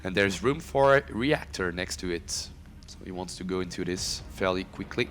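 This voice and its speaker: A male esports caster whose voice swings widely up and down as he talks. He is animated and filler-heavy and gets hyped during player intros. Faint hiss sits under his voice. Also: sits low, normal speed. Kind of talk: live game commentary.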